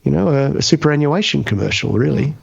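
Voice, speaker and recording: A man's voice: a little high, lively intonation, fast talker, vocal fry, slightly rough. Chatty man, muffled lo-fi sound. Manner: chatty and reflective. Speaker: voice actor guest. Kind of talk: casual interview chat. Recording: dull lo-fi audio.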